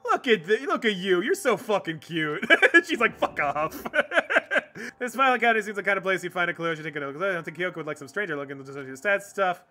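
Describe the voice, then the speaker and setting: A man plays through a game on stream, voicing the dialogue and cracking jokes. His voice sits high and bright and swings widely. He swears freely and laughs often. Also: lively intonation, quick pace. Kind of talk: let's play commentary.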